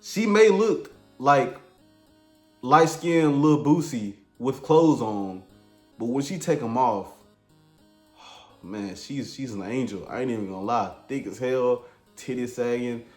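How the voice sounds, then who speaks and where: A man's voice: mid-range voice, lively intonation, takes it slowly, darkish tone. A man telling a crude comedic story in a laid-back, slangy, rambling way. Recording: echoey room with faint music.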